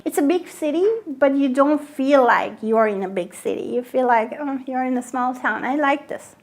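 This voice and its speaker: A cafe owner who grew up in Germany speaks in a documentary interview in a high voice at normal speed. She's lively, acts out quoted dialogue, and laughs often.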